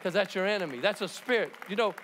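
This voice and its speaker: High-voiced preacher in an echoing church. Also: male voice, quick pace, fairly bright tone, a faint crowd, a little hiss or hum. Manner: emphatic and jokey, acts out quotes. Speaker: pastor. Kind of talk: sermon. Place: large church sanctuary. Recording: long reverb of a church hall.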